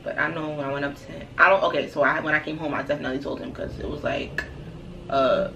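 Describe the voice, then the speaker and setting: A young woman telling a storytime on her vlog, animated, slangy and profane. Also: sits low, fast, a little hiss or hum, rough recording. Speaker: vlogger. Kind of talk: casual storytime.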